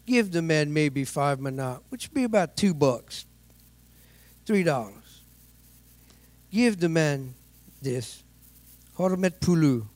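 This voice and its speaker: A man voicing a stern, middle-aged male police officer who speaks slow, measured, broken English. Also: fairly high pitch, expressive, darkish tone, no echo. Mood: matter-of-fact.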